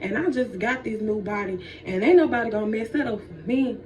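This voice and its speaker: A woman's voice: mid-range voice, fairly quick, close to an everyday voice. Woman doing sassy, slangy Eve. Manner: sassy, loud, slangy comebacks. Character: sassy young woman Eve, defensive and hungry. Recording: dull, distant, faint noise.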